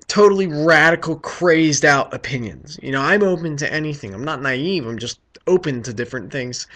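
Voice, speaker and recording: A man from the US with a slightly higher voice rants casually to the camera, rambling and cursing. He stumbles through frequent fillers and restarts as he talks. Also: a bit bright. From United States. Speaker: vlogger. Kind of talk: casual opinion rant.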